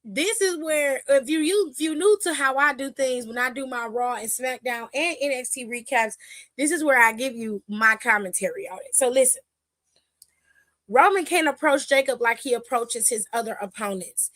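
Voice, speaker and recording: A woman hosting a wrestling recap, telling it in animated casual chat and acting out the quotes. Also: high-pitched, normal speed, no echo, studio quality.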